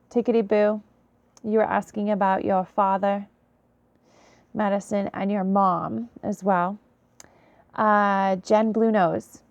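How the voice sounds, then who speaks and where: A tired, yawning woman speaks in a slow, unhurried way at a middle pitch. She is soft-spoken and apologetic as she gives a late-night intuitive reading to her viewers. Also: no room sound, highs cut off. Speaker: intuitive reader.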